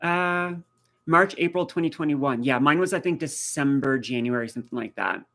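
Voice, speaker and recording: A man's voice: mid-range voice, moderate pace, pushed and bright. Chatty man hosting a live stream. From rural east coast of Canada. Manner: chatty, tells stories and answers viewer comments. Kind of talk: casual live-stream chat.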